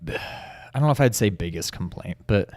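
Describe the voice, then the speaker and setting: A man's voice: lowish voice, animated, a little fast, darkish tone, no echo. Easygoing man musing on a dry mic. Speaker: video game podcast co-host. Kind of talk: casual review chat.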